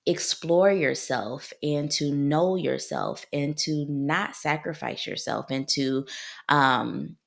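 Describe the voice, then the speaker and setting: A woman's voice: low-pitched, creaky. A woman in her thirties from Ohio, a clinical psychologist hosting her own podcast, talking in a heartfelt, personal way and often repeating herself. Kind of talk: solo podcast monologue.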